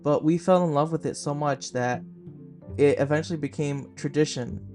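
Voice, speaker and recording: A man's voice: fairly high pitch, moderate pace, darkish tone, soft background music. A man in his twenties hosting a casual film review podcast. He talks in a chatty, gushing way and uses a lot of "like" fillers. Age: 20s. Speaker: podcast host.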